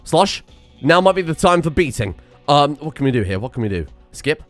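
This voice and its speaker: A man giving excitable let's play commentary on a strategy game, muttering one moment and shouting the next. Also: on the high side, a little fast, faint music behind. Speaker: gameplay commentator.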